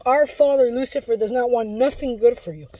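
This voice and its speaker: A self-described Luciferian gives a testimony as an impassioned, preachy warning, pleading urgently and rambling with frequent restarts. His voice is extremely high-pitched and mellow, a little fast, with no echo.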